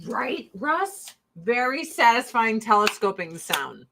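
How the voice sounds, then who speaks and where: A woman's voice: a little high, takes it slowly, gravelly, noisy background. A woman hosting a casual chat, telling family stories full of swearing and acting out her relatives' voices. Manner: profane, animated storytelling; acts out relatives in quoted voices. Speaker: host.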